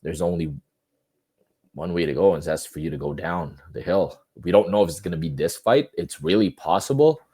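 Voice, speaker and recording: A man co-hosting a boxing podcast, talking in a relaxed, rambling way with lots of filler words. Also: low-pitched, normal speed, slightly rough. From Philippines. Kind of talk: casual chat.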